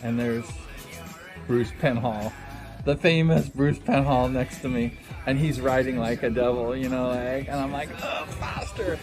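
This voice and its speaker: A middle-aged man casually telling a story, rambling with many fillers and acting out quotes with sudden high exclamations. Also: steady tone, measured pace, music in the background. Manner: rambling, frequent "you know, like" fillers. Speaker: livestream host telling a racing story.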